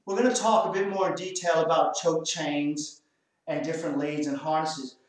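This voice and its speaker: An Australian dog trainer, a man with a fairly high, steady voice and moderate pace, explains a drill while giving his dogs firm, short commands. It's a hands-on training demonstration. The audio is very echoey, as he's far from the mic.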